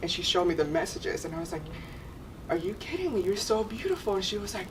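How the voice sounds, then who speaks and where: A woman who works as a model, telling stories in a lively, laughing way during a casual panel chat. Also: medium pitch, fairly quick. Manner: animated, laughing storyteller. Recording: distant mic, noisy room.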